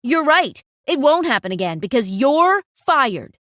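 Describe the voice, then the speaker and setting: A stern cafe owner lays down the law in a firm, scolding tone, voiced by a woman. The pitch sits fairly high and moves a lot, recorded close and dry for a storytime video. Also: big pitch swings, measured pace, fairly bright tone, dry recording, heavily acted. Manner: scolding, authoritative. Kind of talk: storytime narration.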